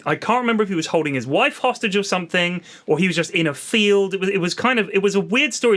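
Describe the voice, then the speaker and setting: A man's voice: high-pitched, sharp tone. A young man co-hosting a casual podcast chat, telling jokey stories with swearing and slipping into put-on voices. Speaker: podcast co-host.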